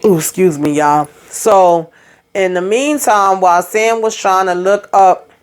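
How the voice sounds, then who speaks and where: Lady recapping a tv episode, smooth clear voice, mid pitch, lively and a lil salty. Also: a little slow. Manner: animated, cussing, acts out characters' lines; laughs often while talking. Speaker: show recap host.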